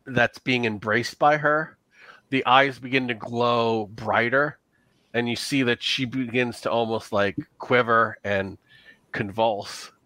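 A man's voice: mid-range voice, pushed and bright, no echo. A man narrating a tabletop horror game as game master, in a casual, loose way with frequent laughs. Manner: casual, laughs often, slips into character voices.

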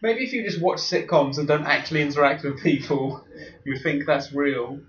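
A man's voice: on the high side, moderate pace, fairly bright tone. A young man co-hosting a casual podcast, telling a rambling anecdote full of fillers and laughs. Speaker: podcast co-host. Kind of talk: casual chat. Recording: echoey room, dull sound with faint noise.

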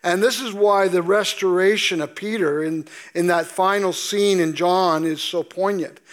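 A man preaches a sermon from the pulpit of a church, pacing his words slowly and stretching out the lines he quotes from scripture for weight. His voice sits high for a man. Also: a bit bright. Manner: slow, deliberate preaching with emphatic drawn-out scripture quotes. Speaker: pastor. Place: church sanctuary.

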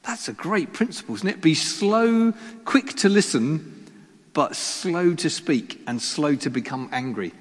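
Guy preaching a sermon, pitch a bit high, bounces all over, lots of rhetorical questions, echoey church hall. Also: animated, measured pace. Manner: self-deprecating humor, rhetorical questions. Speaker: pastor.

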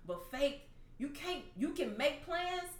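Woman telling her faith testimony, emotional and lively, roomy echo with a little hiss. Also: high voice, slow. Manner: emotional, animated testimony with laughs. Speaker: guest sharing testimony. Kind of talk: casual faith conversation. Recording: echoey room, faint noise.

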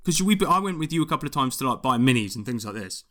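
A man's voice: medium pitch, lively intonation, quick pace, a bit bright. A man, ranting animatedly and swearing often in a casual chat. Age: 20s.

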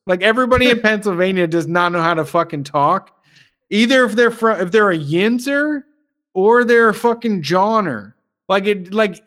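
A man's voice: sits high, a bit bright. A man co-hosting a podcast, ranting in casual chat, swearing often and laughing. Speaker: podcast co-host.

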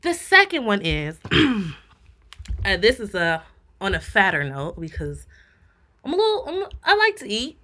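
A young woman co-hosting a podcast, ranting in blunt, profane, animated storytelling during casual chat. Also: mid-range voice, measured pace, pauses often. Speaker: podcast co-host.

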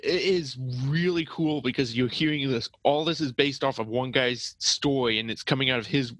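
A man's voice: medium pitch, normal speed, a bit bright, low-quality recording. A man chatting casually on a podcast, hesitant with many ums and uhs. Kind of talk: casual chat.

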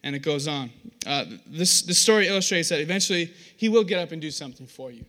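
A man's voice: fairly high pitch, fast. A young man preaching a sermon, telling stories with acted-out voices and poking fun at himself. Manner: animated, self-deprecating storytelling with acted-out voices.

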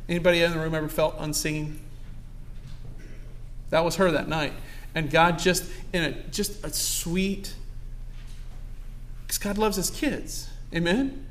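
Man, pastor, sermon, high voice, church sanctuary, congregation asides. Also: normal speed, fairly bright tone, slight background noise. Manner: preaching with call-and-response asides to the congregation.

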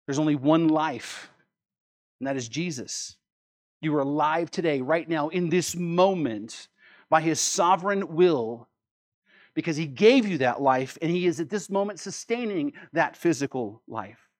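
A man's voice: fairly high pitch, animated, unhurried. A man preaching a sermon as pastor, emphatic, repeating key words and asking rhetorical questions.

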